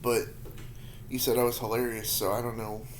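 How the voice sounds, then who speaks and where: A man's voice: medium pitch, little pitch movement, moderate pace, slight background noise. A man in his thirties, answering viewer questions in a rambling, self-deprecating way while eating hot peppers, sometimes with his mouth full. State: mouth full, feeling spicy heat.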